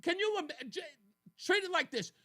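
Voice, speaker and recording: Man, talk radio host, high bright voice, animated and mocking, studio mic. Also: normal speed. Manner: animated, mocking, laughs often. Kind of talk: political talk radio monologue.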